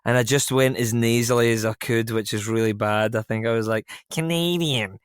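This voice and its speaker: A man's voice: lowish voice, completely flat delivery, brisk, clear, resonant tone, dry recording. A young adult man, an actor guest chatting casually and poking fun at himself with frequent laughs. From Scotland. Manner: self-deprecating, laughs often, rambling asides. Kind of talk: casual interview chat.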